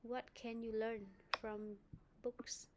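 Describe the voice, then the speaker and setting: A woman's voice: fairly high pitch, flat delivery, slow pace, very noisy. A woman with a Vietnamese accent teaching an online English speaking lesson, giving feedback and modelling pronunciation.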